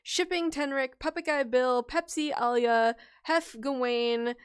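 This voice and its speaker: This high-pitched woman speaks at a measured pace with a clean tone, calling out viewer names from her casual livestream chat. Giggly and easily distracted, the host and storytelling bard trips over names while scrolling.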